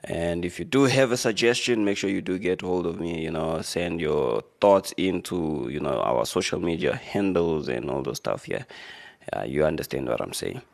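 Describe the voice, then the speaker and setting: A man hosting a radio show, reading out a news article with relaxed, rambling commentary and joking asides. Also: low voice, normal speed, gravelly. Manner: laid-back, rambling, joking asides with fillers.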